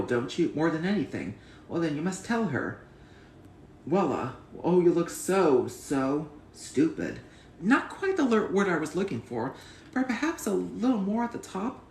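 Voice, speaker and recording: A man's voice: fairly high pitch, wildly swooping pitch, measured pace, a little mellow, roomy sound, slight background noise. A man reciting memorized film lines and trivia, earnest and proud, at home. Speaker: channel host.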